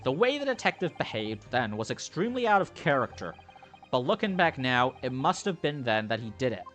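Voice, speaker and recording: A man's voice: mid-range voice, big pitch swings, fairly quick, fairly bright tone, soft background music. A man voicing an earnest young male defense attorney in a game let's play.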